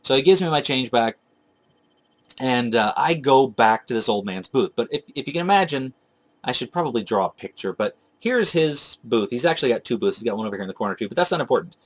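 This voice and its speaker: Speaking fast in an expressive mid-range voice, this retro game collector vlogger rambles casually to camera. He tells his viewers a long, meandering story about searching for vintage video games, fixing his own slips as he goes.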